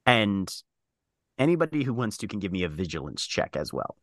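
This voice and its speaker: A man narrating a tabletop role-playing game as game master, describing scenes in a halting way with frequent fillers. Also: fairly low pitch, very animated, no room sound.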